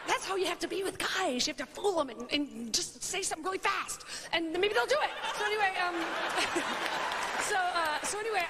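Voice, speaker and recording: A woman in her thirties rambling through a funny anecdote in an animated, chatty way, full of "like" and "you know", laughing at her own story. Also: high voice, noisy background. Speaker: comedian and talk show host. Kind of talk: comedic storytelling monologue.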